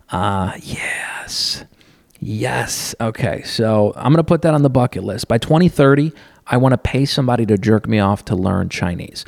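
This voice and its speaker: A man's voice: mid-range voice, lively intonation, moderate pace, vocal fry, a little mellow, no echo, studio quality. Crude, rambling male podcast host. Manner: crude, profane and laughing often. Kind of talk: rambling comedic monologue. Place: seated on a stool at a counter.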